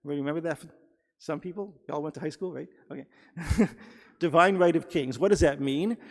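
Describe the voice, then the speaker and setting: Guy teaching a sermon, kinda high gravelly voice, lots of ums, big echoey sanctuary. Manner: explanatory, halting with many fillers and restarts. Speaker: rabbi or cantor. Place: synagogue sanctuary. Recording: long hall reverb.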